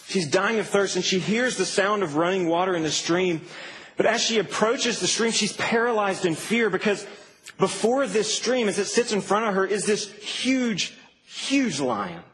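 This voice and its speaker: A man preaching a sermon in a church, conversational and animated, with asides to the congregation. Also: sits high, moderate pace. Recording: reverberant hall, faint background hum.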